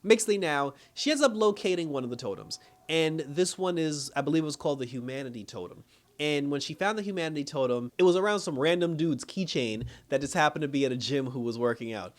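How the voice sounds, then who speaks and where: A man's voice: a little high, lively intonation, fast. A man casually reviewing a TV episode, rambling with many fillers and frequent chuckles. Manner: rambling, full of "you know" and "like" fillers; chuckles often while recapping.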